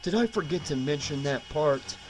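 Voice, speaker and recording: A man's voice: on the high side, lively intonation, moderate pace, soft background music, natural voice. A man voicing a taunting undead older brother. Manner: taunting, sarcastic, laughing. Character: mocking undead teenage brother, grinning and cruel.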